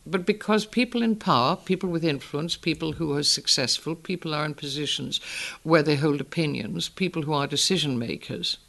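Gravelly older woman, Northern educated accent. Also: low voice, fairly bright tone. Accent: Northern educated English. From Northeast England. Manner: articulate, emphatic, measured. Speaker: interviewee. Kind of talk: reflective interview talk.

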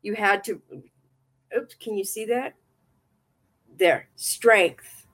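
She's a livestream host who reads tarot cards, chatting casually in a fond, rambling manner and repeating herself often. Her mid-range voice is a bit bright, and she takes things slowly.

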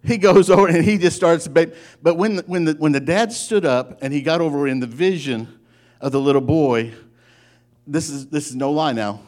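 Man, pastor, folksy sermon storytelling, slightly high voice. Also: moderate pace. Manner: folksy, animated, self-interrupting storyteller.

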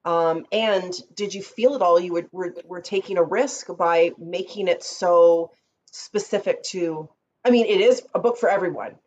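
A woman's voice: on the low side, normal speed, a little mellow. A woman hosting an interview, reflecting and affirming her guest, thinking aloud as she frames questions. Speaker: podcast host. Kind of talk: conversational interview. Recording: dull lo-fi sound with faint background noise.

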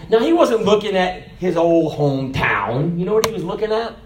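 A man preaching a sermon, animated, swinging from loud shouted peaks to soft low asides. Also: brisk, slight background noise.

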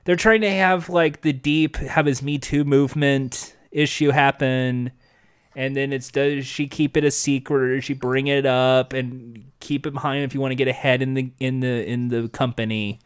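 A man chatting casually about a TV show with friends, animated and quick to laugh. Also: mid-range voice, clean tone. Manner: animated, laughs often, does mock voices. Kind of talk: casual chat reviewing a TV show.

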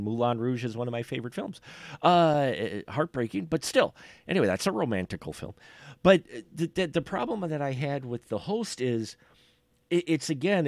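Male podcast host reviewing a film, lively pitch, dry close sound, rambling with frequent restarts. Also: no echo. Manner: rambling, restarts and repeats words. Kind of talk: casual film review chat.

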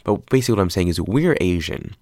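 A man's voice: deep voice, expressive, quick pace, a little mellow, no room sound, studio quality. A young adult man talking casually about films in a loose, profane, rambling way. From half Filipino, US-based. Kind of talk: casual film commentary.

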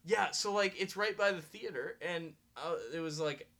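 A man's voice: high voice, moderate pace, pushed and bright. A man co-hosting a podcast, chatting casually and rambling with many fillers and frequent laughs. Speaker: podcast co-host. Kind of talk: casual chat.

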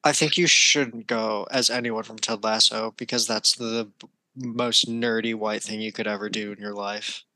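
A man in casual podcast chat, teasing the others with quick quips. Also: on the low side, fairly even intonation, pushed and bright. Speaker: podcast co-host.

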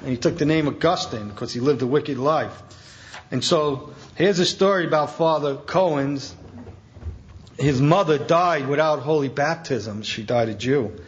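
A man preaching a sermon as a Catholic priest, telling stories in a colloquial, animated way with emphatic asides. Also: fairly high pitch, a little slow. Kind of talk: storytelling sermon. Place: talk at a conference event. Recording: dull lo-fi event recording.

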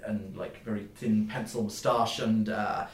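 Halting male game master, echoey room. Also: lowish voice, fairly even intonation. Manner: halting, full of fillers and restarts. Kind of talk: narrating a tabletop game. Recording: roomy echo.

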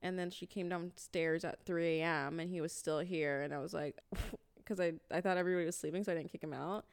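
A young woman in casual chat, relaxed and chatty, sharing her own experiences. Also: lowish voice, a little fast, vocal fry, clean tone. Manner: relaxed, chatty, reactive listener.

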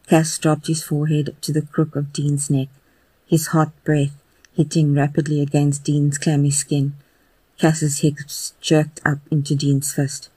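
A podcast narrator giving a slow, even, intimate audio fan fiction reading. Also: mid-range voice, breathy edge, dry recording.

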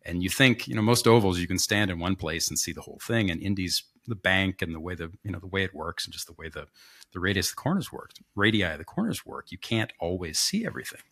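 A man co-hosting a podcast, telling a story in casual chat, acting out what others said with joking asides. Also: sits low. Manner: animated, acts out quoted voices, joking asides. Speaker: podcast co-host.

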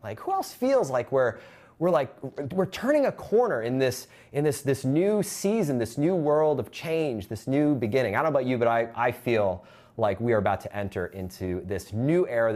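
A man hosting a live online marketing symposium, talking to camera with energetic, upbeat calls to action and reading out chat comments. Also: mid-range voice.

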